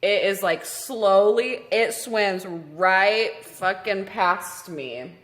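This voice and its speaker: A woman co-hosting a podcast, telling a story in casual chat, animated and swearing freely. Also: medium pitch, drawn-out words. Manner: animated, swears freely, acts out quoted voices. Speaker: podcast co-host.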